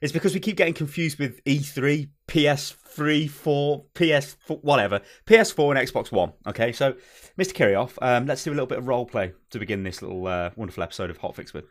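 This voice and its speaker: A man's voice: medium pitch, quick pace. A man hosting a casual gaming chat show, joking and swearing as he talks. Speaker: host.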